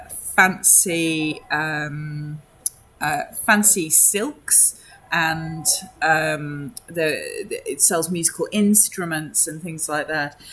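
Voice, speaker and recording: Running a tabletop game as game master, a woman narrates scenes descriptively but hesitantly, pausing often. Her voice is low-pitched with a fairly bright tone.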